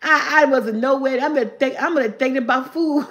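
Her voice sits high and sounds a bit bright as this woman runs a relaxed live stream. Reading viewers' riddles from the chat, she says each one again slowly, laughing frequently.

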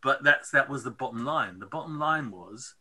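A man's voice: medium pitch, animated, normal speed, sharp tone, husky. A middle-aged man, telling stories expressively as an interview guest and checking in with "okay?" and "right?". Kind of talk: animated storytelling.

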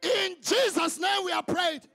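High, gravelly man shouting fervent prayers. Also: measured pace, a faint crowd. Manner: fervent, chanting repeated calls to the Lord; drops to quieter exhortation between prayers. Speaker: prayer leader.

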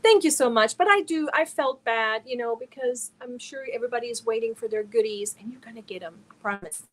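A middle-aged woman chats casually on her live stream. Her voice sits a little high, and she greets viewers and answers their messages one by one. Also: fairly quick. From Germany. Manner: reads chat messages aloud and answers viewers warmly one by one.

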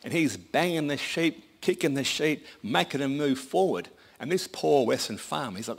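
A man's voice: on the high side, expressive, normal speed, creaky, hardly any pauses, slightly rough. A man preaching a sermon in a conversational, folksy storytelling manner.

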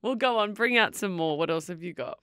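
Lively Australian woman podcast host. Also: on the low side, fairly quick, clear, resonant tone. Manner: laughs often, teasing and animated. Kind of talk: casual chat.

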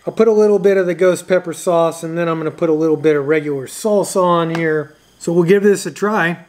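A man hosting a ham radio video, talking casually to camera with a loose, chatty manner and frequent pauses and uhs. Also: a little high, darkish tone.

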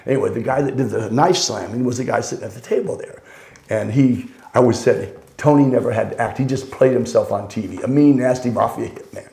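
An older man, a guest storyteller, spins rambling, wry anecdotes in casual talk and often corrects himself partway through a sentence. His mid-range voice is brisk and dark-toned with vocal fry, and the room gives it a noticeable echo.

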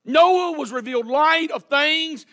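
A man delivers a sermon in a church sanctuary. His voice sits very high for a man, and he hollers his points with fervent emphasis. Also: unhurried, a bit bright. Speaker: pastor.

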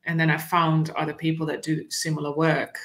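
Woman guest telling a relaxed story. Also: low-pitched, brisk. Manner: relaxed storytelling with "you know" fillers. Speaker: animal communicator guest. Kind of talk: casual interview storytelling.

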